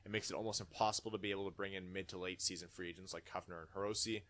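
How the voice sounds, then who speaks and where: A man's voice: deep voice, steady tone, rapid-fire, fairly bright tone. A man hosting a casual podcast, reading listener comments aloud in a chatty way. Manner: chatty, reads comments with put-on dramatic voices. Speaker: podcast host.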